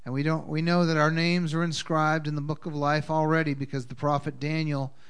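A man leading a congregation's communion service, speaking in an unhurried, halting way with fillers. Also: a little high, level tone, clean tone. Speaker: congregation leader. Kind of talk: communion service talk with Hebrew blessings.

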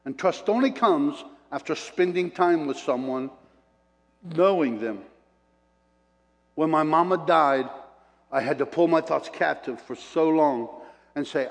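A man with a somewhat high, slightly slow voice, marked by vocal fry and long pauses, preaches a sermon built on personal stories. He chuckles between points and acts out what people said, and a long hall reverb surrounds the recording.

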